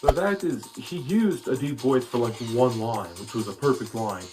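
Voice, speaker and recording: A man's voice: medium pitch, moderate pace, darkish tone, soft background music. A man giving a casual, opinionated critique of a cartoon, rambling with frequent restarts. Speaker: video commentator.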